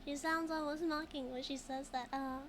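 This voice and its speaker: A woman's voice: high-pitched, fairly even intonation, moderate pace, slight background noise. A woman streaming a game who jokes, giggles often and reads chat in casual commentary. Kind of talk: casual let's-play commentary.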